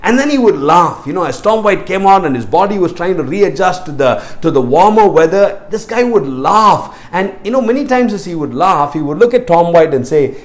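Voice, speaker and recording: A man's voice: high-pitched, animated, moderate pace, few pauses. A man preaching a sermon, emphatic and repetitive, building in intensity. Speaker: pastor.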